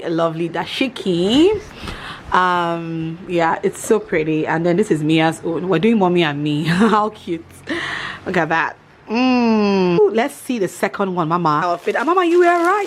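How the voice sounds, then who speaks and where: Gushing, lively woman vlogger. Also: fairly low pitch, measured pace, slight background noise. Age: 30s. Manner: gushing, excitable, laughs often. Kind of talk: casual vlog chat.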